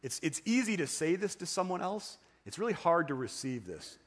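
A man's voice: fairly high pitch, sing-song, moderate pace. A man preaching in church, telling his own story in a conversational way, with many fillers and restarts. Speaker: pastor. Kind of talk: sermon testimony. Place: church sanctuary.

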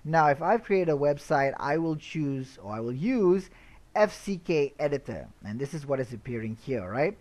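A man explaining website setup step by step in a screen-recorded tutorial, relaxed, with frequent "uh" and "all right?" checks. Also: a little high, moderate pace. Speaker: web tutorial instructor.

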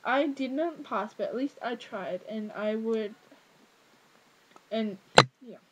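A woman's voice: fairly high pitch, slow pace, dull audio, very noisy. A teenage girl, ranting casually to camera with lots of fillers, exasperated. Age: teens. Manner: exasperated, rambling with many fillers. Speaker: vlogger.

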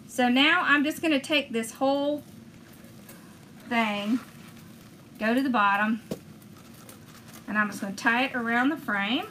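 In a fairly high, sharp voice, a woman enthusiastically chats through each step of a casual crafting video. There's slight background noise.

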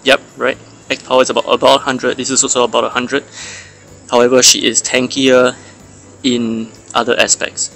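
A man's voice: mid-range voice, level tone, moderate pace, vocal fry, fairly bright tone, faint music behind. A man hosting a mobile game channel, chatting casually and analytically about characters and stats, with fillers and restarts.

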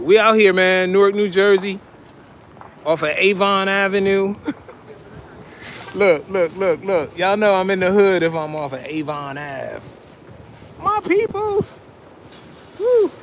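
A man talking casually to his viewers while he films a food vlog at a fish market and by his truck. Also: sits high. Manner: chatty, keeps addressing viewers as y'all. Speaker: food vlogger. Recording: loud background street and vehicle noise.

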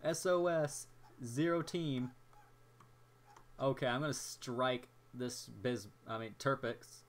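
A young man casually commentating his own naval battle game, excitable and jokey, talking to himself as he plays. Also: mid-range voice, takes it slowly. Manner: excitable, jokey, talks to himself while playing. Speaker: gameplay commentator.

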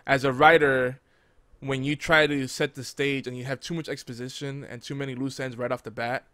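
Male host, relaxed chat, quick bursts, laughs a lot, dry close mic. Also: medium pitch, no echo. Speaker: podcast host. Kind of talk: casual chat.

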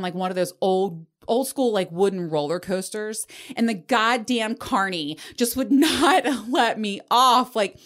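A woman's voice: fairly low pitch, fairly bright tone. A woman around forty hosting a podcast, telling a story in casual chat, candid, swearing freely and laughing as she goes. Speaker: podcast host.

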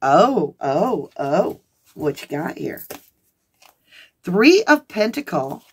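A woman's voice: on the low side, slow, slight background noise. Gushing woman reading tarot cards. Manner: excitable, gushing, talks to the viewers directly. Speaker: tarot reader. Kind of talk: tarot card reading for viewers.

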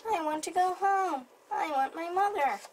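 A woman voicing a small lost baby bird with high, pleading, childlike cries in a storybook reading. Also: measured pace, slight background noise, rough recording.

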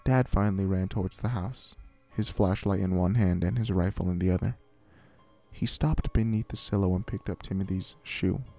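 A man giving a scripted horror story narration in a measured, hushed way. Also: sits low, vocal fry, soft background music.

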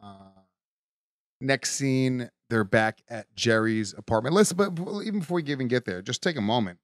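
A man's voice: mid-range voice, normal speed, no room sound, studio quality. A man hosting a podcast, retelling a sitcom episode in casual chat, swearing a lot and mocking his sister. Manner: profane, mocking, animated retelling with voices. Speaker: podcast host. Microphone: studio mic.

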